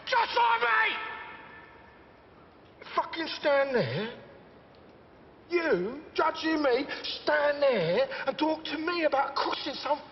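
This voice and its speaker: An actor playing a volatile middle-aged gangster, rambling and profane. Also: male voice, very high voice, sing-song, slow, gravelly, pauses often, heavily acted. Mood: ranting. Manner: rambling, profane, swings between mumbling and shouting. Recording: muffled series audio, echoey hall, faint hiss.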